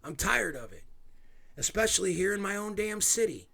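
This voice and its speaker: A man's voice: sits high, big pitch swings, moderate pace, creaky, pushed and bright. A man hosting his own video, ranting angrily with sarcastic asides and swearing. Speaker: video host. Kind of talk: angry ranting commentary.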